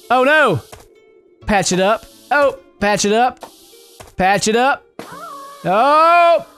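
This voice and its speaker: A man giving excited let's-play commentary, giggling, yelping and shouting as he plays. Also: high voice. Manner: giggly, exclamatory, yelps and shouts. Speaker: gaming video host.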